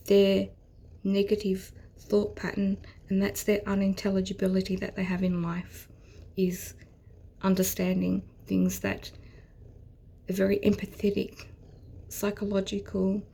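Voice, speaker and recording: A woman giving a rambling, earnest tarot reading, often dropping into soft whispers. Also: mid-range voice, vocal fry, slight background noise. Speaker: tarot reader. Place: at home with her cat.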